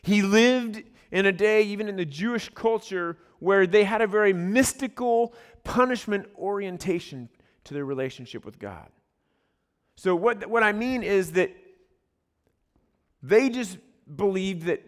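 High-voiced pastor preaching in a reverberant hall. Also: male voice, animated, measured pace, clear, resonant tone. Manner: storytelling with acted-out voices, drops to quiet asides. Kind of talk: sermon.

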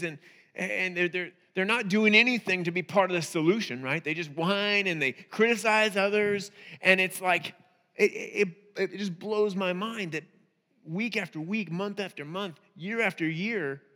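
A man's voice: high voice, sharp tone, long reverb tail. A male pastor preaching a sermon in a conversational way to a church congregation. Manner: conversational, asks rhetorical "right?". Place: church hall.

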